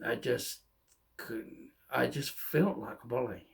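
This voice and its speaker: A middle-aged man telling his own life story in a candid, halting way, often restarting his sentences. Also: mid-range voice, creaky. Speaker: vlogger. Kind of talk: personal storytelling monologue.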